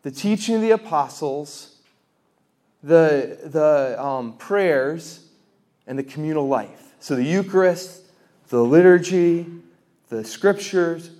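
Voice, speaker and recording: A man with a somewhat high voice gives a faith talk to a live audience. He tells quick stories, asks rhetorical questions and circles back to repeated refrains with animated emphasis. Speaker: speaker at a faith gathering.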